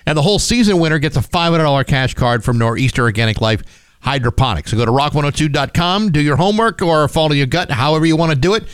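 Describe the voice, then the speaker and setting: A man's voice: on the high side, fast, clean tone, no echo. A man co-hosting a morning radio show, chatting casually and reading ads in a loose conversational way. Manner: relaxed, conversational, some restarts. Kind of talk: casual radio banter and live read ads. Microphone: studio microphone.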